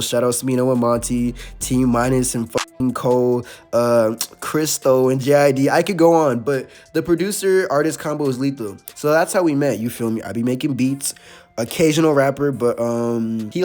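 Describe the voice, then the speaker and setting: A young man hosting a storytime channel, telling a story in casual, slangy speech with laughs and animated asides. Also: medium pitch. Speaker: storytime host.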